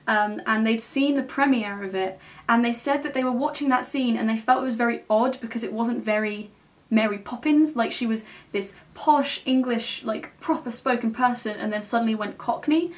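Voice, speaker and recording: A woman's voice: on the high side, normal speed, far from the mic. A young woman reviewing a film in a casual, enthusiastic way, often ending her points with a questioning "okay?". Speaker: film vlogger.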